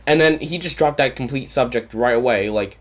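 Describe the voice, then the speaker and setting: A man's voice: mid-range voice, fairly quick. A man from Canada telling a story in a casual, rambling rant, swearing often and sarcastic. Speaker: channel host.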